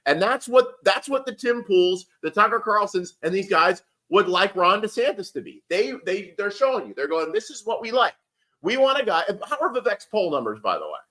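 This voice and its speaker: A man's voice: sits high, very animated, moderate pace, few pauses, sharp tone. A man giving rambling, heated political commentary on a casual livestream, swearing and restarting often.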